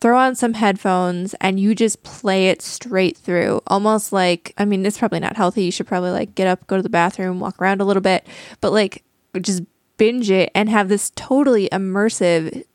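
A woman's voice: medium pitch, fairly even intonation, moderate pace, no echo, clean studio sound. A woman co-hosting a casual podcast, chatty and curious, filling with "like". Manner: curious, chatty, uses 'like' a lot.

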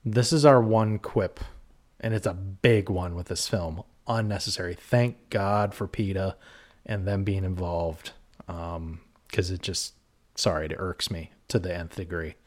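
Speaking at a measured pace in a deep, steady voice, this man co-hosts a laid-back podcast reviewing horror movies. His delivery is a heated rant, packed with swearing and filler words.

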